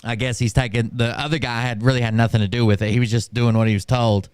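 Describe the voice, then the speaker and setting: A man casually telling a story on a stream, ranting in a profane and animated way. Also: mid-range voice, fast, smooth, no echo, clean studio sound. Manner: profane, animated, full of fillers and restarts.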